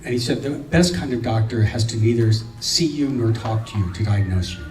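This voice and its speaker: A man sharing memories with a group of friends, halting and full of ums and restarts, with a wry touch. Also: on the low side, lively intonation, soft background music. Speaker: storyteller at a gathering of friends. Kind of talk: casual anecdote telling. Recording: echoey room, recorded from a distance.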